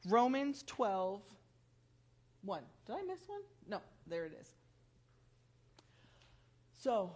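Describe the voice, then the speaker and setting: Woman talking slow and easy at church, testimony style, chatty, reads bible verses out. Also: medium pitch. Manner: conversational, self-correcting, reads scripture aloud. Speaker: church member giving testimony. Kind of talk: testimony talk from notes.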